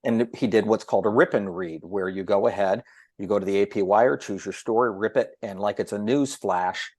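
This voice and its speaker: A chatty man with a fairly low voice spins his stories with animation and drops into the voices of the people in them. The sound is dry and close, with no room in it. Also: brisk, no echo. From Ohio. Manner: animated storyteller who acts out quoted voices. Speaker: podcast guest, broadcaster. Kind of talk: storytelling in casual chat.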